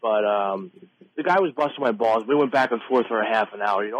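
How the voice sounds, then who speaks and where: Man, phone caller, rapid speech, profane, animated storyteller, muffled lo-fi line. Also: mid-range voice, slight background noise. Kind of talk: call-in storytelling.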